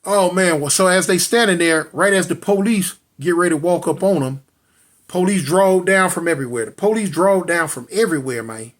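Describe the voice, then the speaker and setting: Male storyteller, slightly high voice; dramatic, repetitive, talks straight to listeners. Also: fairly quick. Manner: addresses listeners directly. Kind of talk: spoken street storytelling.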